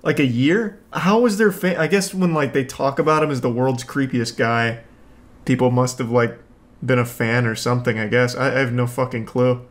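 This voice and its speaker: A man's voice: medium pitch, normal speed. A man hosting a reaction video, reacting in casual commentary with incredulous, profane ranting.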